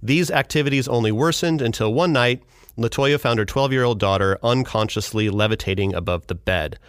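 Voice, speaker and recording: Smooth, dry-voiced male podcast host. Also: medium pitch, fairly quick, no room sound. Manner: casual, wry. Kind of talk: scripted narration.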